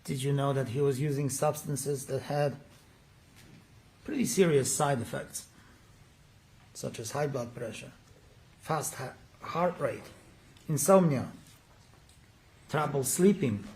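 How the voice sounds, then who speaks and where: A man's voice: mid-range voice, takes it slowly, pauses often, darkish tone. A man working as a defense attorney, cross-examining a witness in a courtroom with pressing, leading questions.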